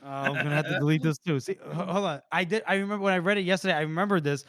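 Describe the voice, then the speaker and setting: A man co-hosting a casual book podcast, excitable and laughing often as he recaps the story. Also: on the high side, rapid-fire, dry recording, studio quality. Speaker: podcast co-host.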